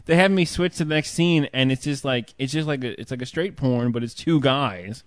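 A man's voice: medium pitch, no echo, clean studio sound. A man chatting casually on a podcast, telling rambling stories full of fillers and restarts. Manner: rambling, halting storytelling with frequent fillers and laughs. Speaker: podcast co-host. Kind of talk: casual chat.

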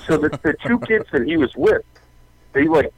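A man working an arcade counter, telling a profane, animated story on a casual talk show. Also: on the high side, normal speed, breathy edge, no room sound, low-quality recording. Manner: profane, animated retelling with acted-out quotes. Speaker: arcade counter worker, guest.

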